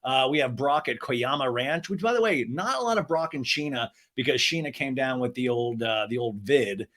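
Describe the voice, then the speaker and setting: A man hosting a podcast, recapping a reality show in an animated, gossipy and profane way. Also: medium pitch, normal speed. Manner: animated, gossipy, swears and laughs often. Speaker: podcast host.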